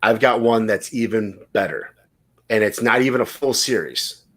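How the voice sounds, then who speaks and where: A man's voice: on the low side, lively intonation, moderate pace, fairly bright tone. A man hosting a casual podcast, telling rambling stories and swearing freely. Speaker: podcast host.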